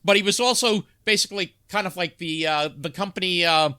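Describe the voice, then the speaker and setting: A man's voice: high-pitched, bright, forceful tone, smooth. A man co-hosting a sitcom podcast, chatting casually with frequent restarts and laughter. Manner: halting, lots of restarts and laughs. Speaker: podcast co-host. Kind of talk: casual chat.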